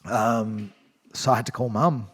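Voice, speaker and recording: A man's voice: lowish voice, steady tone, unhurried, husky, in a large hall. A man in his thirties, a podcast guest telling his story in a candid, rambling way, swearing freely and restarting his sentences. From Australia. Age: 30s. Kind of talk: casual storytelling chat.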